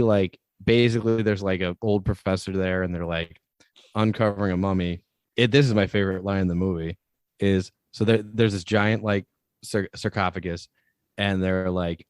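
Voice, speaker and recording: A man's voice: sits low, moderate pace, dry recording, clean studio sound. Rambling, laughing man reviewing a movie. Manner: rambling, laughs often, quotes movie lines in animated voices. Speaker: podcast co-host. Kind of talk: casual movie review chat.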